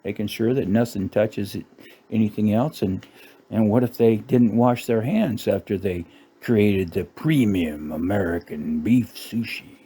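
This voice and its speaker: A man's voice: fairly low pitch, unhurried, mellow, husky. A middle-aged man ranting sarcastically about a menu, cursing and laughing at his own jokes. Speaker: channel host. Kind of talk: casual ranting commentary.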